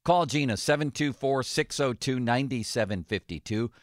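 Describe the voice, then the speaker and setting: A man hosting a sports radio talk show, chatting casually with jokes and reading ads in a relaxed, conversational way. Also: mid-range voice, normal speed, no room sound.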